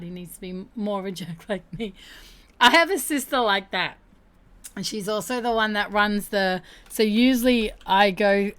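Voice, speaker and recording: A woman's voice: mid-range voice, a bit bright. A young woman hosting a casual livestream chat, candid and chatty, laughing often. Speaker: livestream host.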